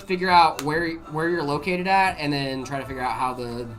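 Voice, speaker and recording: A relaxed livestream host chatting with viewers about PC builds, drifting through fillers as the questions are read aloud. The voice sits mid-range, and faint music plays underneath. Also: medium pitch, fairly quick. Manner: laid-back, filler-heavy, reads chat aloud. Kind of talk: casual live chat answering viewer questions.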